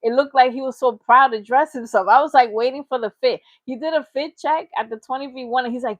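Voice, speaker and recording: A woman's voice: high-pitched, fast talker, hardly any pauses, no room sound. Playful mocking woman, dry close sound. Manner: mocking, playful, rambling with invented nonsense words. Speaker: reaction channel host. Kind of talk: casual commentary.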